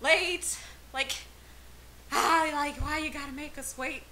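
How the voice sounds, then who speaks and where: A woman's voice: high voice, level tone, unhurried, sharp tone, rough recording. A young woman reacting to a video trailer, gushing and squealing with repeated exclamations. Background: trailer music playing faintly.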